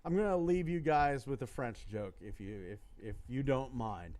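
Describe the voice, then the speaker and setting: A man's voice: mid-range voice, moderate pace. A man hosting a casual podcast, talking in a rambling way with frequent restarts. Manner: rambling, animated, trailing off and restarting. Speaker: podcast host. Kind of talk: casual chat.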